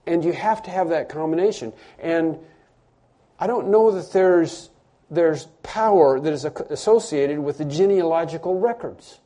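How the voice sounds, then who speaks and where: A man preaching a sermon as pastor, emphatic, repeating phrases and rising to loud stresses. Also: a little high, moderate pace.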